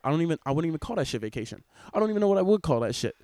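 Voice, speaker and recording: A young man hosting a podcast, rambling excitably and swearing freely as he records in public on a cruise ship. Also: fairly high pitch, rapid-fire, no echo, studio quality. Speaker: podcast host. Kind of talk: casual podcast chat. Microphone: wearing headphones, laptop recording.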